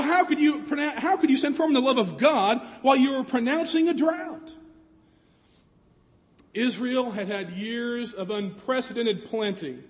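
A man with a very high voice delivers an earnest sermon, often pausing on rhetorical questions. A long reverb surrounds his voice, as if he were in a large hall.

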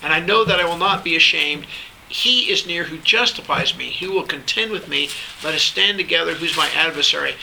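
A man's voice: fairly high pitch, a little fast, vocal fry, pushed and bright, a little hiss or hum, rough recording. A man teaching a Bible class, reading scripture aloud and then explaining it in loose asides, often checking in with the class. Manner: checks in with the class by asking "all right?".

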